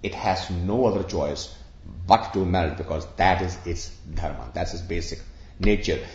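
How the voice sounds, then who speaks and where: A man's voice: low-pitched, normal speed, a little mellow. A man giving a spiritual discourse to an audience, explaining with everyday examples and questions. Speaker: spiritual teacher. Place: room with an audience of about sixty. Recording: echoey room, dull lo-fi sound.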